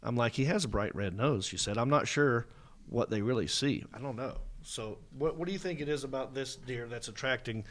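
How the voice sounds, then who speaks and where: A man hosting a comedy show, telling funny news stories in a jokey, playful way with bursts of animated emphasis. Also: mid-range voice, a little fast, slight background noise. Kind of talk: casual comedic chat.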